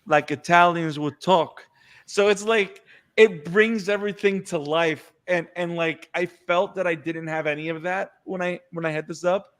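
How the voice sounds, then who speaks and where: A man with a slightly higher voice co-hosts a casual anime chat. He talks in an animated way, stumbling over and repeating words as his ideas pile up. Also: moderate pace. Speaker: podcast co-host.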